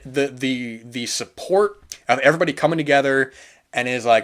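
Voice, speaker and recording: A man's voice: medium pitch, normal speed, fairly bright tone. A man hosting a film podcast, talking through movies in a loose, earnest monologue full of restarts and fillers. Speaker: podcast host. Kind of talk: casual film review monologue.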